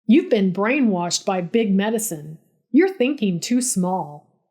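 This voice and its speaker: A woman's voice: medium pitch, lively intonation, takes it slowly, mellow. A woman voicing a smug, preachy male bio-hacker coworker who lectures in an earnest, condescending way.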